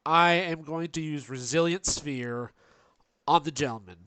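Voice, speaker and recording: A man's voice: on the high side, unhurried, pushed and bright, smooth, no echo. A man playing a tabletop game, chatting casually and laughing often, at times with a slight lisp. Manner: laughing often, lisping at moments. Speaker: tabletop player.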